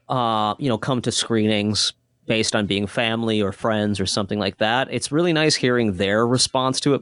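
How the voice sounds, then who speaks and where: A man's voice: on the low side, no echo. A man talking about his own horror film in a casual interview, earnest and rambling, often restarting his sentences.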